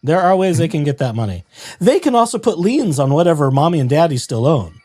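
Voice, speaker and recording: Male co-host from San Francisco, sarcastic and very animated, pitch swinging widely. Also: quick pace. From San Francisco, USA. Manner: animated, sarcastic, laughs often. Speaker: stream co-host. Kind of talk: casual livestream commentary.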